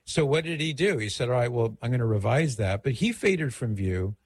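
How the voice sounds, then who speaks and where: A man's voice: medium pitch, expressive, fairly quick, no echo. A middle-aged man hosting a radio call-in show, giving advice in a conversational, digressive way.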